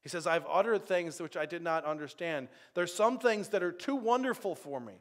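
A man in his thirties preaching an earnest sermon, telling a personal story and dropping to a hushed near-whisper at tender moments. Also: high-pitched, animated, moderate pace. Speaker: pastor.

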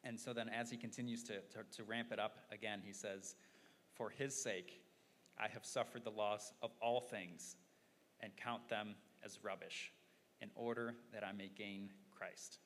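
Male preacher, bright forceful tone, earnest and halting, long hall reverb with faint hiss. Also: on the low side, fairly even intonation. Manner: earnest, repeats words while thinking. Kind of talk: sermon.

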